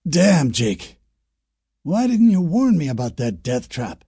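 A man's voice: fairly high pitch, very animated, slow pace, warm tone, breathy edge, no echo, clean studio sound, pitched above the performer's own voice, heavily acted. A man voicing a burned man crying out in pain, pleading and strained. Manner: pained, pleading.

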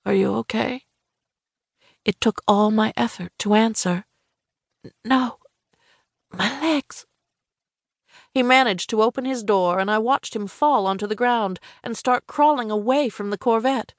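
A woman narrating a first-person novel in a measured, even storytelling manner. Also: a little high, no echo, clean studio sound. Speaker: audiobook narrator.

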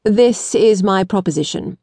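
A woman's voice: medium pitch, vocal fry, no echo. Woman reading as a cool, blunt aristocrat. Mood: calm, businesslike. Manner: calm, businesslike, measured.

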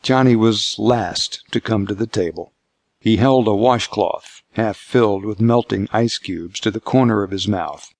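A man reading scripted narration for an audiobook in a measured, steady way. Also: fairly low pitch, no room sound, studio quality.

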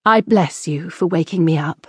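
A woman's voice: mid-range voice, normal speed, a little mellow, no echo, natural voice. Woman reading a proud, defiant queen. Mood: tender. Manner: firm, defiant, clipped. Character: proud, strong-willed imprisoned queen, middle-aged mother.

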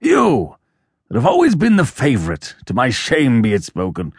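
A man's voice: medium pitch, huge pitch swings, moderate pace, gravelly, husky, no room sound, studio quality, heavily acted. A man doing a stern, reproachful old lord. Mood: bitter. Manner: reproachful, heavy emphasis. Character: elderly lord, stern disappointed father. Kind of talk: audiobook character voice.

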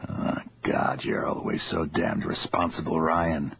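A stubborn, wry old father near death speaks low and weary, as a male narrator plays him. The audiobook recording is slightly muffled with a faint hiss. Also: little pitch movement, measured pace, vocal fry, full character voice.

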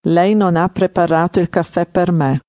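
A native speaker giving the model answers in an audio lesson, saying each phrase clearly twice. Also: medium pitch, steady tone, normal speed, a little mellow, dry recording, studio quality. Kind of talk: slow repeated example phrases.

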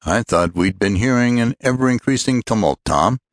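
A man voices a curious young friend, pitching a little above his own medium-pitched voice and acting it lightly with lively intonation. He speaks at a moderate pace, and the studio recording is dry and clean.

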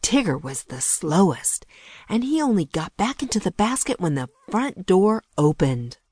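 A woman narrating a children's audiobook with lively storytelling and hushed whispers at tense moments. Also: fairly low pitch, unhurried, husky, dry recording.

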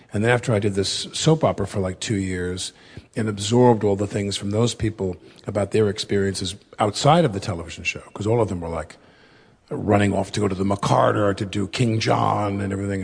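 A man in his fifties speaks in a low, raspy, husky voice, wandering through his memories with plenty of fillers and restarts. The talk is candid and conversational, recorded in a studio interview. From United States. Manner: rambling, many fillers and self-corrections. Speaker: actor and interview guest.

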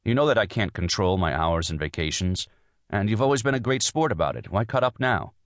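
A man's voice: fairly low pitch, animated, brisk, no echo, studio quality, close to an everyday voice. A man narrating an audiobook voices a busy young lawyer husband, brusque and a little dismissive. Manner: brusque, dismissive, then soothing. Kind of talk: audiobook dialogue.

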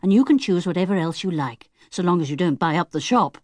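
A woman's voice: lowish voice, animated, fast talker, a little mellow, no room sound, clean studio sound. A woman narrator voicing a kindly, sensible middle-aged mother in a children's audiobook. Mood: fond. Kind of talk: audiobook character voice.

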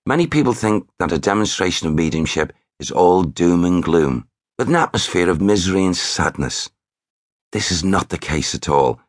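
A man with a very low, deep voice reads his memoir in a measured storytelling way. The studio sound is close and completely dry, with no room around it. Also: dry recording. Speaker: author and narrator. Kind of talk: memoir audiobook narration.

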